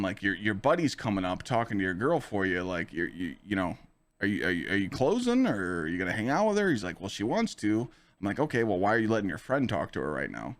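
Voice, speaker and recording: Streamer guy on his podcast telling a wild story, swears a bunch, keeps saying you know, voice jumps all over. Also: on the low side. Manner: animated, profane, full of "you know" fillers. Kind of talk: casual storytelling.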